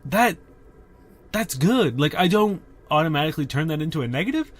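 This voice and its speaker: A man's voice: on the high side, very animated, a little fast. A young man co-hosting a podcast in casual chat, candid and full of fillers. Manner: chatty, filler-heavy, candid. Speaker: podcast co-host.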